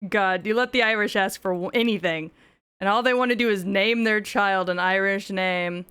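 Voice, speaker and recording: A woman's voice: medium pitch, normal speed, fairly bright tone, clean tone. A woman streaming gameplay, chatting casually with frequent swearing and joking asides.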